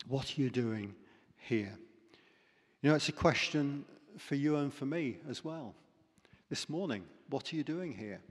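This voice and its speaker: Man, preacher, sermon, dramatic storytelling, hushed drops, mid pitch, reverberant church. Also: husky. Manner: dramatic storytelling, sinks to near whispers. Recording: long reverb in a church hall.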